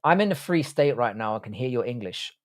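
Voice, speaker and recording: A young man with an Irish accent runs a casual livestream and answers his chat in a blunt, foul-mouthed way. He talks loosely and jokes back at viewers at a middling pitch. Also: expressive, fairly quick. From Republic of Ireland. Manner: profane, blunt, banters with chat. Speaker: livestream host reading chat.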